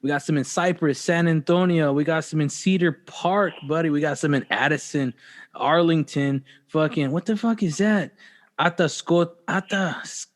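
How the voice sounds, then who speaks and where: A man's voice: on the high side, normal speed. A man hosting a podcast, chatting casually and joking with loose, profane banter. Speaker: podcast host. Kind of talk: casual chat.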